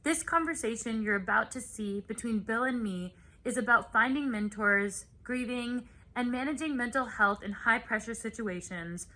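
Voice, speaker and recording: Bright, earnest young woman. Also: a little high, normal speed, hardly any pauses. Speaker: author introducing a talk. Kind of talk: scripted introduction.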